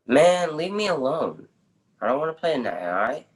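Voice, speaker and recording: A man's voice: a little high, very animated, normal speed, breathy edge, low-quality recording. A teenage boy playing a laid-back, stubborn teenage boy who talks in casual street slang, in an improvised stage scene. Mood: joking. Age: teens.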